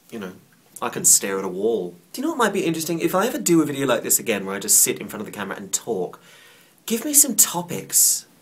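Young guy rambling on to his camera, slightly low voice, chatty and joking at himself. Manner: chatty, playful, self-mocking. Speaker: vlogger. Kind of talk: casual rambling monologue to camera.

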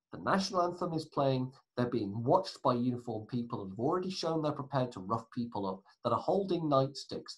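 A man's voice: mid-range voice, breathy edge, low-quality recording. A man teaching a recorded history lesson, chatty, with asides and self-corrections.

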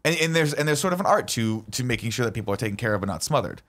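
A man telling a story in a quick, emphatic, blunt way, in a mid-pitched voice. He is a podcast co-host chatting casually. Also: expressive, a bit bright. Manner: fast, emphatic, profane storytelling.

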